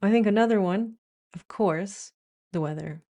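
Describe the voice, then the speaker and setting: With a warm, medium-pitched voice at normal speed, this American vlogger offers playful, wry commentary. Occasionally she slips into quoted phrases in a mock-British voice.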